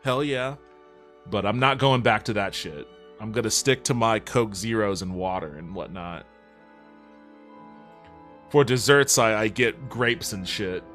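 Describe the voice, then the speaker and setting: A man riffs casually with his viewers on a livestream, reading their messages aloud and answering them. His talk is loose and sprinkled with swearing. Faint music sits softly in the background. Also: fairly low pitch, unhurried, long pauses. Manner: laid-back and profane, reads chat aloud and answers it.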